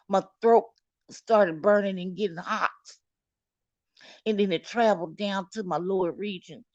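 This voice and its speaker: A woman unspools a personal storytime at a slow, unhurried pace, candid and dramatic, cursing freely and talking straight to her viewers. Her voice sounds close and dry, with a slightly dull, lo-fi quality. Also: fairly low pitch, no room sound. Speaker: storyteller vlogger. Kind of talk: storytime recounting.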